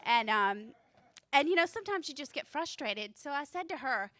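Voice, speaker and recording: A woman in her forties, a student stand-up comic, performs a set on a club stage, nervous and self-deprecating and laughing at her own jokes. Her voice is high and sharp with lively intonation at normal speed, in a dry recording.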